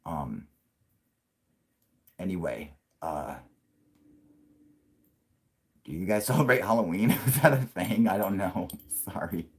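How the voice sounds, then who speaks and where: A man's voice: low voice, big pitch swings, measured pace, slightly rough. A man hosting a casual late-night livestream, talking in a rambling, profane way and laughing often. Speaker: livestream host.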